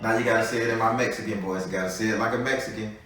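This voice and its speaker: A man's voice: fairly low pitch, fairly even intonation, racing, fairly bright tone. Man, tarot reader, blunt chatty delivery, heavy room echo, distant from the mic. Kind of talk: live tarot reading.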